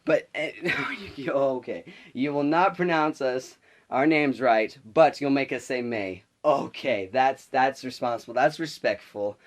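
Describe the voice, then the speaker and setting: A teenage boy vlogging about his school day, his voice at an ordinary middle pitch for a guy. He rambles through the story with quick restarts, stacking one filler word on another as he gets worked up. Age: teens. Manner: rambling, animated, lots of restarts and "like". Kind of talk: casual storytelling vlog.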